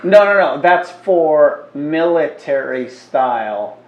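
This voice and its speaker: A man's voice: a little high, lively intonation, slow, muffled recording. A man co-hosting a podcast in casual chat, talking emphatically, repeating his points and swearing often. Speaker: podcast co-host.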